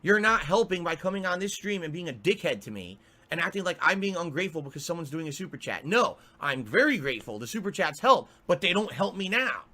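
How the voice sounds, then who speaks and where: A man's voice: high voice, sing-song, fast, pushed and bright. Exasperated man ranting on stream. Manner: exasperated, profane, repetitive. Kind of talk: angry livestream rant.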